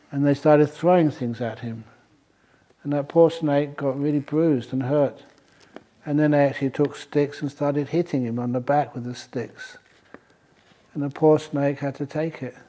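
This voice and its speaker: A Buddhist monk tells a playful story and answers questions at a retreat, in a storytelling Dhamma talk with Q&A, often laughing at his own jokes. His voice is mid-range and dark, with a steady tone and moderate pace.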